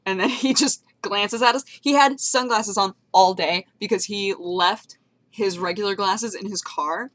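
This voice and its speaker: A woman's voice: medium pitch, unhurried, a bit bright. Bubbly young woman vlogging. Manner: bubbly, rambling, giggly storytelling with playful voices. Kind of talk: casual chat to camera.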